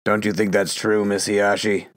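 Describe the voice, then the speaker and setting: A man's voice: lowish voice, level tone, normal speed, no echo, studio quality, close to an everyday voice. An actor playing a fanatical male psychiatrist who lectures and builds into a ranting tirade, in an audio drama. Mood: probing.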